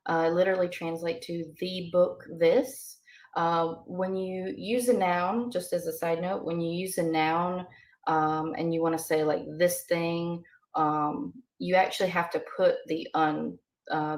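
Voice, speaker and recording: A woman teaching beginner vocabulary in a casual, hesitant way, with many ums and uhs. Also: fairly low pitch. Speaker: language teacher. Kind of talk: casual lesson explanation.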